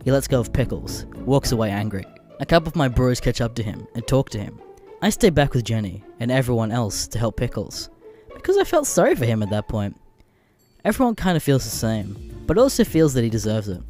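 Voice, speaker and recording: Man, comedic story narrator, slightly sick, crude deadpan asides, animated pitch, faint background music. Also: brisk. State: a bit sick. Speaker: narrator of online stories.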